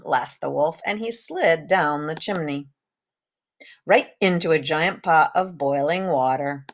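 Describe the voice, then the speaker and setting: A woman reads a children's storybook aloud in a somewhat low voice. She keeps up lively sound effects and rhythmic repetitions. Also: measured pace, slight background noise.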